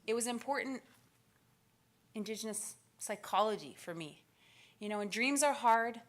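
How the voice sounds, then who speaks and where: A woman in her forties giving a motivational keynote speech, telling stories with lively acted-out quotes. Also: medium pitch. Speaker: keynote speaker. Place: conference stage.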